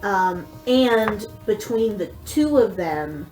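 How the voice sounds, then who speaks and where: A woman running a tabletop game as game master, explaining lore slowly with many fillers. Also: mid-range voice, expressive, a little mellow, reverberant, soft background music, poor audio.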